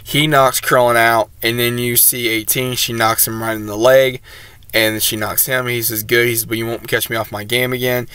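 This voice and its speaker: A man's voice: mid-range voice, flat delivery, moderate pace, pushed and bright, clean tone, no echo. A man reviewing an anime episode, retelling it in a rambling, casual way with many fillers.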